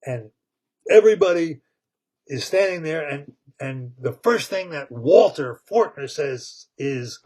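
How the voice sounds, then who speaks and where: A man retelling a story with excitement, repeating words, laughing and tripping over tongue twisters. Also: fairly high pitch, slow.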